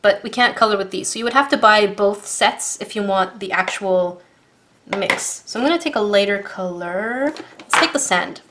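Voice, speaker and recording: A woman reviewing art supplies in a casual unboxing vlog, gushing and excitable as she talks to her viewers. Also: medium pitch, moderate pace, slight background noise.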